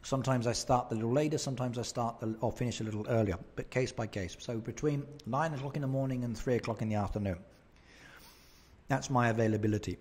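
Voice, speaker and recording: A man's voice: mid-range voice, steady tone, quick pace, a little mellow. A man chatting casually on a live game stream, answering viewer comments and laughing often into a desk microphone at home. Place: home streaming setup in Japan.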